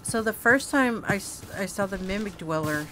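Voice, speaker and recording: A woman's voice: mid-range voice, lively intonation, moderate pace, sharp tone, a little hiss or hum. A woman streaming a horror game, gasping and exclaiming to her viewers as she plays. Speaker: gaming streamer.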